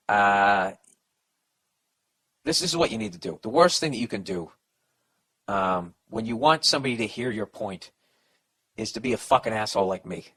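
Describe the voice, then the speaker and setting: A man's voice: fairly low pitch, big pitch swings, normal speed, gravelly, long pauses, fairly bright tone, husky. A man hosting a comedy podcast, reading a letter and giving advice in a profane, rambling, heated way.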